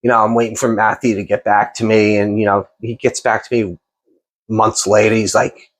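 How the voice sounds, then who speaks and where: A man's voice: lowish voice, normal speed. A man, hosting a casual interview and telling long stories with many restarts. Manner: rambling, animated storyteller with many restarts. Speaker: podcast host and chef.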